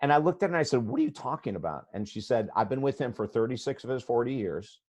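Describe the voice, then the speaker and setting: An older man in his sixties tells a story as a guest on a podcast. His delivery is animated, blunt and emphatic, in a mid-range voice of ordinary pitch. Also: fast. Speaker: guest author and life coach.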